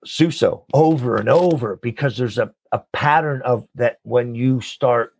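A man being interviewed as a guest, a nonprofit leader and coach, talking with animated, preacher-like enthusiasm and call-and-response. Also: medium pitch, measured pace, creaky, breathy edge.

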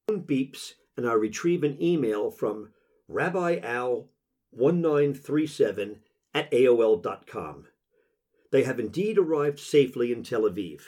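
Husky, expressive male memoir narrator. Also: mid-range voice. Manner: emotional, intimate, measured.

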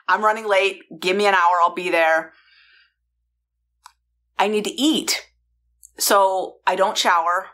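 A woman's voice: mid-range voice, takes it slowly, long pauses, bright, forceful tone. A woman from San Francisco telling a personal story in a chatty way, with restarts and asides to the listener, recorded in a bedroom. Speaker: founder and host.

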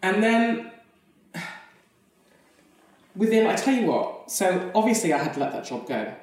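A woman's voice: mid-range voice, big pitch swings, a little slow, a little mellow, recorded from a distance. A woman, an actress and podcast guest, telling a personal story frankly and animatedly, laughing often. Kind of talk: candid storytelling in conversation. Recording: very echoey room, off mic.

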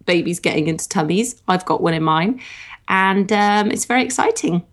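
A woman's voice: medium pitch, normal speed. A woman in her thirties co-hosting a podcast in casual chat, chatty and often laughing. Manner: chatty, giggly, animated. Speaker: podcast co-host.

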